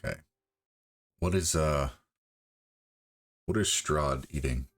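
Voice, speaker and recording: A man's voice: rumbling low, slow, fairly bright tone. A man playing a tabletop game, asking questions and describing his character's actions. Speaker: player.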